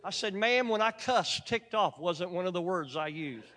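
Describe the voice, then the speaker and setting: A man delivers a sermon with a higher-than-usual voice, full of folksy asides and jokes to his congregation. His voice carries a long church reverb from the sanctuary around him. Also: lively intonation, normal speed, sharp tone. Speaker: preacher. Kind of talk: sermon with storytelling.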